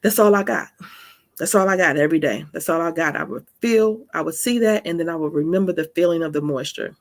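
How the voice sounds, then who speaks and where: A woman's voice: lowish voice, fairly quick. A woman in her forties hosting a faith talk show, giving a candid personal testimony in an earnest, conversational way. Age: 40s. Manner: earnest and conversational, often asks "right?". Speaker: faith podcast host.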